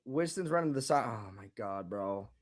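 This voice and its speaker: A man reacting live to a football game, swinging from low muttering to angry shouting and repeating words. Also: expressive, moderate pace. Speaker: fan reaction streamer.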